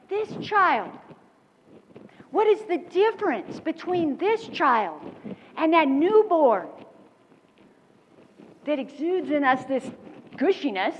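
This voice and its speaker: A woman giving a motivational keynote speech, telling animated stories with quick laughs, on a stage microphone in a large lecture hall. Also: high voice, slight background noise. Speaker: keynote speaker. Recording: dull recording with long hall reverb.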